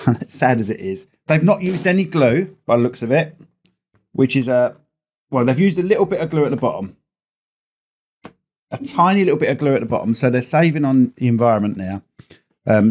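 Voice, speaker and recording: A jokey man in a relaxed podcast chat, rating cereal and talking between mouthfuls. His voice sits at an ordinary middle pitch, easygoing and casual. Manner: chatty, jokey, eats while talking. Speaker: podcast co-host.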